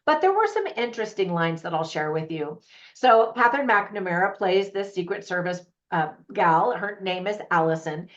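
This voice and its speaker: A woman's voice: on the low side, animated, normal speed. A woman hosting her own movie review channel, chatting to camera with opinionated, laughing asides. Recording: slightly dull lo-fi audio.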